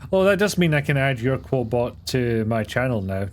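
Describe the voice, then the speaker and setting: A man's voice: mid-range voice, sing-song, normal speed, a little hiss or hum. A man hosting a live game stream, joking casually and swearing now and then. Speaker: streamer host. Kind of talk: casual chat while gaming. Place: home streaming setup.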